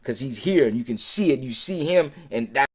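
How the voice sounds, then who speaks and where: A man on a live stream, talking in a heated, profane, rambling rant that circles back and repeats itself, sometimes dropping to a low mutter. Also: lively intonation, fairly quick, husky.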